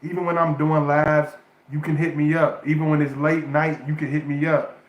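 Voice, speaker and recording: A man's voice: a little high, flat delivery, normal speed, dull audio. Emotional man livestreaming in an echoey room. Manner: emotional, repetitive, restarts phrases, addresses viewers as y'all. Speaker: spiritual advice streamer. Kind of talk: casual livestream talk.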